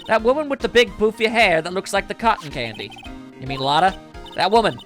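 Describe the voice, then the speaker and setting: A man's voice: sits high, expressive, fairly quick, a bit bright, faint music behind. A man doing a bubbly little girl. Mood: curious. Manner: eager, bubbly. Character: cheerful little girl, excitable.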